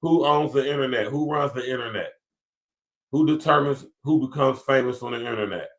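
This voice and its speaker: A man in the middle range of pitch hosts his own podcast with a lilt. He is emphatic and repetitive, reading text aloud and then breaking it down with asides and slang. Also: fairly quick, gravelly. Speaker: podcast host. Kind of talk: casual commentary podcast.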